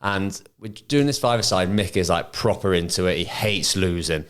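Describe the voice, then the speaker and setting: Low-voiced man telling anecdotes. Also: clear, resonant tone. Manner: measured anecdote-telling with hesitant fillers. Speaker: podcast co-host, ex-footballer. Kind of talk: casual chat.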